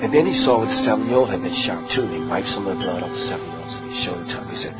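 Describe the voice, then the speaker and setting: Deep-voiced man telling a grave story. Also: rough recording. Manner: slow, grave, with pauses. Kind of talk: emotional storytelling. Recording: loud music bed under voice.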